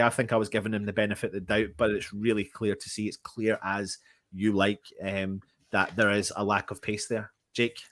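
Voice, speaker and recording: A man's voice: fairly low pitch, fairly bright tone, no echo, studio quality. A man hosting a casual live fan stream, reading out chat messages and laughing often. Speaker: fan channel host.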